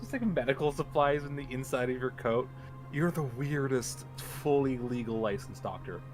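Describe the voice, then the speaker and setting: A man narrates a tabletop role-playing session as its game master. He rambles, with plenty of "like" and "um". Soft music plays clearly under his mid-pitched voice. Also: normal speed. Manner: rambling, full of "like" and "um".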